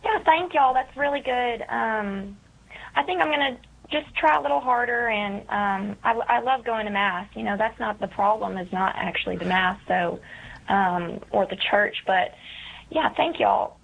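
A woman's voice: mid-range voice, moderate pace, creaky. A woman calling in to a radio show, speaking hesitantly and thanking the hosts. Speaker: caller. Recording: muffled phone line.

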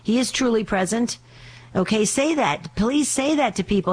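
A woman's voice: a little high, animated, normal speed, husky. Fervent woman hosting live radio. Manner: fervent, urgent and pleading. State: slight lingering cough. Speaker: radio show host. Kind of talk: live call-in radio talk.

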